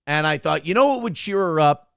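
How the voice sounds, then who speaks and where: Gravelly animated man telling a story. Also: a little high, brisk, no room sound. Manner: animated, acts out quotes, swears freely. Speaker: morning show co-host. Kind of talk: casual storytelling chat.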